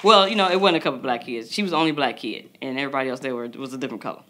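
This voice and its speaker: A woman in her thirties co-hosting a casual parenting podcast, telling stories in an animated way and acting out the voices of others. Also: very deep voice, very fast. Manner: animated storytelling, acts out quotes. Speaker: podcast co-host. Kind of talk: casual chat.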